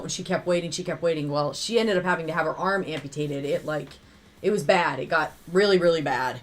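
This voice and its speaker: A woman's voice: deep voice, fast, a little hiss or hum. Woman thoughtfully chatting about a song. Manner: reflective, tells personal stories with many fillers. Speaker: reaction video co-host. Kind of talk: casual chat.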